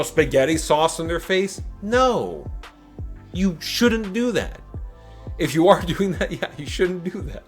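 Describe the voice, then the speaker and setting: Brief: a casual, emphatic man giving dating tips, slightly high voice, faint music behind him. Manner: animated, emphatic, jokey asides. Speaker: dating advice vlogger. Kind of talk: casual advice monologue.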